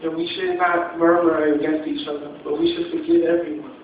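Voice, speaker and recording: A man's voice: a little high, big pitch swings, a little fast, slight background noise. A man preaching a sermon in a church hall, passionate and repetitive, building to emphatic peaks, recorded on a phone from the audience. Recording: echoey, muffled phone recording from a distance.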